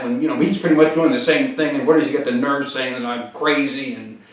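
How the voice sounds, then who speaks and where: Pompous, halting man in an echoey room. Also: mid-range voice. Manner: pompous, formal wording broken by frequent "uh" pauses. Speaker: host answering viewer questions. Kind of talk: deadpan comedic monologue. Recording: very echoey room, mic far off.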